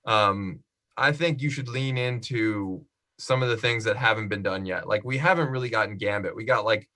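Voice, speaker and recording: A man's voice: lowish voice, normal speed. A man hosting a casual live-stream chat about movies, reading viewer comments and acting out quotes. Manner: animated, acts out quotes. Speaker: podcast host reading chat.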